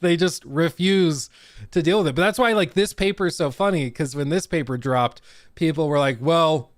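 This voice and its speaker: A young adult man co-hosting a casual podcast, animated and acting out quotes with big pitch swings. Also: normal speed, dry recording, clean studio sound. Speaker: podcast co-host.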